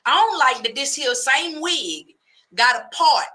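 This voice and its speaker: A woman hosts a radio talk show in an animated comic rant. Her voice is very bright and forceful, and she keeps breaking into preacher-like cadences as she goes. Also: high-pitched, measured pace.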